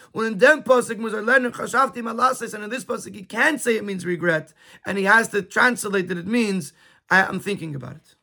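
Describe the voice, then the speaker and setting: High bright-voiced man teaching text. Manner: repeats words and stammers while explaining. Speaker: Torah teacher. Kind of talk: reading a Yiddish text and translating it into English.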